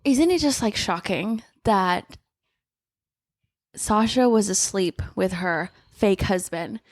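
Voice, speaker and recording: A woman's voice: medium pitch, slow, dry recording, clean studio sound. A young woman co-hosting a book podcast, chatting casually and acting out characters' lines with lots of swearing. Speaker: podcast co-host.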